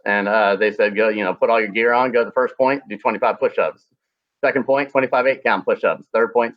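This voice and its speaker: A former combat medic tells crude army stories in a casual way, acting out the people he quotes with animation. His voice sits on the low side, and the recording is muffled.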